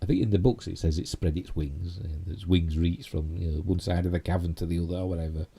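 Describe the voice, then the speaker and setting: A man's voice: low voice, fairly even intonation, fast talker, gravelly, mellow, breathy edge. A man with a Yorkshire accent hosting a casual live stream, rambling through geek news with lots of "you know" and tag questions. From Yorkshire, England.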